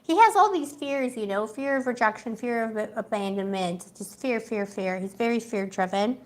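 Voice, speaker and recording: Here the tarot reader's voice sits slightly high and moves at a normal speed. She's a young woman doing a live reading, loose and talkative, with frequent laughter and plenty of filler words.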